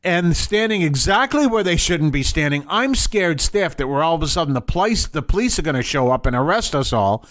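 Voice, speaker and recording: A man's voice: a little high, lively intonation, fairly quick, few pauses, fairly bright tone, no echo, clean studio sound. Rambling male podcast host telling stories. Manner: rambling, with restarts and chuckles. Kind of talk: casual storytelling.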